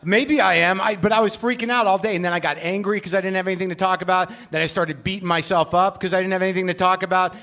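A man's voice: high voice, steady tone, quick pace, few pauses, bright, forceful tone. A man hosting a show live on stage, delivering a rambling, self-deprecating comic rant full of profanity. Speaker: podcast host. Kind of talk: live comedic monologue.

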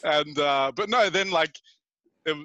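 A man's voice: on the high side, a little slow, pushed and bright, no room sound, lo-fi sound. A man from Australia, a fitness coach, chatting as a podcast guest in a laid-back, easygoing way. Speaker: guest, strength and conditioning coach. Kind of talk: casual chat.

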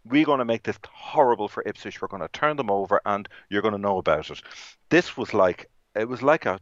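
A low-voiced man from England chats about football in a rambling, stop-start way, often restarting his sentences. The recording is dry and slightly muffled, with no room sound around his voice. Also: lively intonation, fairly quick, dry recording. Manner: rambling, frequent restarts and fillers. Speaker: football podcast co-host. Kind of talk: casual football chat.

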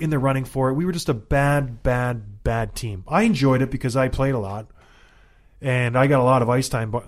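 A man in his thirties, a former hockey player, hosting a podcast in a casual, animated, joking way. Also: mid-range voice. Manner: animated, joking, self-mocking hype.

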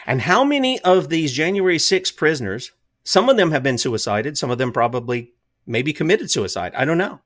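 A man's voice: fairly high pitch, fairly bright tone. Emphatic man firing rhetorical questions. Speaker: commentary show host. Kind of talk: casual political commentary.

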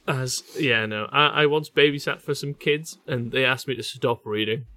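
A man's voice: mid-range voice, moderate pace, pushed and bright. A man with a nasal Geordie accent chatting on a podcast and reading aloud, self-deprecating and swearing when he stumbles over words. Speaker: podcast co-host. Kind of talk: casual chat with stumbling read-aloud.

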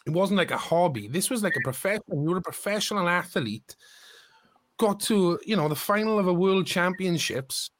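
A man's voice: high-pitched, expressive, normal speed, slight background noise. A man hosting a podcast, effusive and casual, calling his guest bro. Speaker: podcast host.

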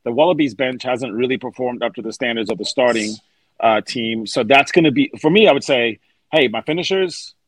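A man's voice: mid-range voice, a little fast, slightly rough, dry recording. A man, co-hosting a rugby podcast in an emphatic, storytelling way of casual chat. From South Africa. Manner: emphatic, storytelling, acts out quotes. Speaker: rugby analyst, podcast co-host.

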